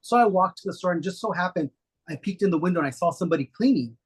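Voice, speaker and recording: A middle-aged man, a guest, telling stories in a relaxed, rambling way with many fillers. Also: sits high, very fast, slightly rough. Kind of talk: casual storytelling interview.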